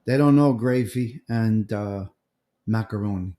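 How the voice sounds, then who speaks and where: A man's voice: lowish voice, unhurried, warm tone, roomy sound. A middle-aged American man, hosting a casual live-stream chat, greeting viewers by name and drifting from topic to topic. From United States. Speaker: livestream host.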